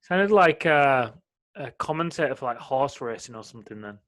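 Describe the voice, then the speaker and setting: A man's voice: medium pitch, animated, normal speed, fairly bright tone. A man co-hosting a casual podcast conversation, talking through his own past struggles in a reflective, open way. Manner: reflective, openly shares personal struggles. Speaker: podcast co-host.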